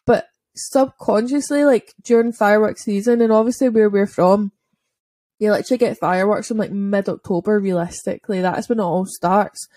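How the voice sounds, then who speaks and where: A woman's voice: medium pitch, fairly even intonation, normal speed, dark tone, no echo. A woman telling a dog-walking story in a casual podcast chat, chatty and full of "like" fillers. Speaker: dog owner and podcast speaker.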